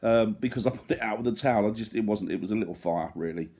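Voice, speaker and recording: A man's voice: lowish voice, fast, creaky, dark tone. A man in his thirties chatting casually in a family vlog, rambling and joking at his own expense. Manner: rambling, joking, self-deprecating. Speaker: vlogger.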